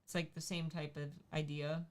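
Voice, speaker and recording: A woman with a fairly low voice chats playfully on a livestream. She teases her co-host and hops from one topic to the next. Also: little pitch movement, moderate pace. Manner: teasing, playful, jumps between topics. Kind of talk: casual chat.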